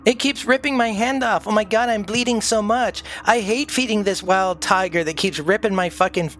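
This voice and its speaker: A man's voice: sits high, moderate pace, a bit bright, faint music behind, pitched above the performer's own voice. A man putting on the voice of a whining, self-pitying man who wails about his own wounds. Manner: whiny, wailing.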